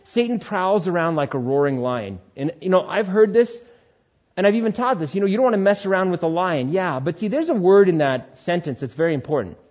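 A man preaching a sermon, switching between animated exhortation and quiet, soothing asides. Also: sits high, brisk, lo-fi sound. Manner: animated preaching, drops to quiet soothing tones when voicing tempters. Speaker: pastor.

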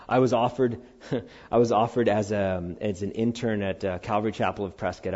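Earnest male pastor preaching with fervor. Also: slightly rough. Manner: earnest, animated preaching that rises loud then drops low. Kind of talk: sermon. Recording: dull, slightly lo-fi sound.

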